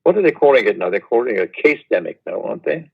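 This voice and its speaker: An older man, a guest reminiscing in an unhurried, rambling way over a video call. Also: mid-range voice, lively intonation, creaky, breathy edge, lo-fi sound. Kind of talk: casual interview chat.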